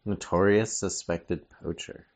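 A man co-hosting a comedy podcast, playful and quick to laugh. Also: sits low, fairly even intonation, darkish tone. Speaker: podcast co-host. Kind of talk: casual comedic chat.

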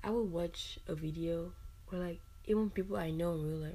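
Chatty Nigerian woman with a low, mellow voice. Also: normal speed, husky. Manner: chatty and expressive, with frequent "like" fillers and asides. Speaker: podcast host. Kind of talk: casual solo podcast talk.

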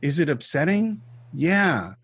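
A man's voice: fairly high pitch, big pitch swings, slow pace, a bit bright, husky, dry recording. A man co-hosting a film podcast, casually retelling scenes step by step and acting out quotes. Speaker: podcast co-host. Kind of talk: casual film-discussion chat.

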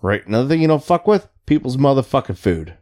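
A man's voice: medium pitch, fast. A man who served as a Navy petty officer, telling a profane story in casual chat with friends. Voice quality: swears constantly, animated storytelling.

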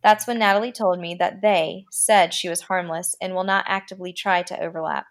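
A woman podcast host reading a horror story aloud, with a dramatic delivery that slows down for the creepy lines. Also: on the low side, steady tone.

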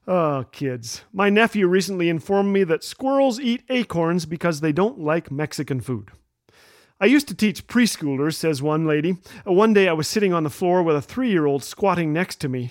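Older man telling jokes, high voice. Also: expressive, dry recording, studio quality. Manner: playful storytelling with quick punchlines. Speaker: radio show host. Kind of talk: humorous radio monologue.

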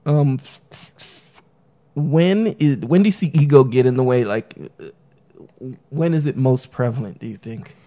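A man's voice: medium pitch, unhurried, pauses often, warm tone. A man in casual conversation, rambling with many fillers and acting out the people he quotes. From San Diego area.

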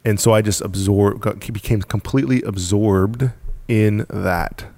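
Speaking as a podcast guest, this U.S. apparel company founder recounts his story in a blunt, casual way, with the odd swear word and laughter between points. He has a lowish, steady voice with vocal fry and a darkish tone, moves at a measured pace, and there's no room sound.

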